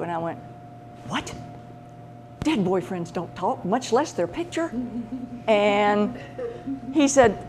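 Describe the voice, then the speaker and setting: Lady telling a story, lively, does all the voices, slight hiss behind. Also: mid-range voice, moderate pace. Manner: animated, acts out quoted voices. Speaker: pet medium, show host. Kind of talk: casual storytelling.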